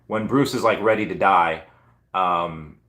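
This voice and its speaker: A hoarse man chatting casually on a live stream, rambling through stories with lots of fillers. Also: low-pitched, a little slow, fairly bright tone, reverberant. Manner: rambling, filler-heavy storytelling. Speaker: comic and collectibles YouTuber.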